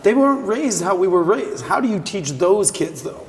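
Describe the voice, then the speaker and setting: A man's voice: high voice, animated, moderate pace. Blunt male host in an echoey room. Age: late 30s to early 40s. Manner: blunt, pointed, builds an argument. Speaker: interview host. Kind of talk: conversational interview. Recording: echoey room, long reverb, faint hum.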